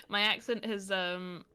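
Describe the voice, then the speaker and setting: A woman's voice: medium pitch, fairly bright tone, slight background noise. A young woman with a southern English accent touched by Manchester, chatting casually and giggling often while co-hosting a game stream. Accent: southern English, with a slight Manchester influence. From south of England. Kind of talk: casual chat while gaming.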